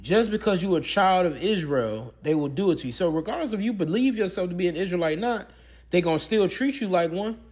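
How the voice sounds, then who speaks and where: A man's voice: high voice, animated, fairly quick. A man giving a preaching commentary with scripture reading, emphatic and repetitive, firing off rhetorical questions. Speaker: religious commentator.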